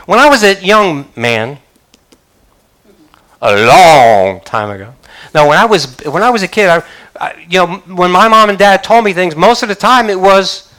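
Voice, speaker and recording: A man's voice: high voice, animated, moderate pace, fairly bright tone. An older man preaching a sermon as pastor, emphatic, with frequent hallelujahs. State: choked up.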